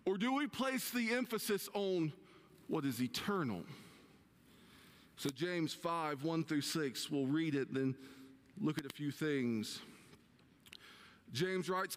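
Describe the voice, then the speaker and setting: A man preaching a sermon as pastor, conversational and slowing down to stress key words. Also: on the high side, animated, in a large hall. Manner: conversational, slows down for emphasis. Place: church sanctuary.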